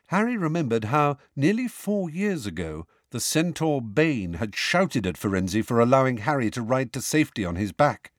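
A man narrating an audiobook with expressive storytelling. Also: medium pitch, moderate pace, hardly any pauses, no room sound, studio quality. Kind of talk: scripted narration.

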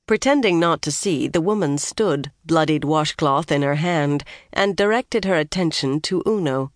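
A steady, measured narrator reads a fantasy novel in a mid-range voice. The recording is dry and close, with no room around it. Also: medium pitch, dry recording. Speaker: audiobook narrator.

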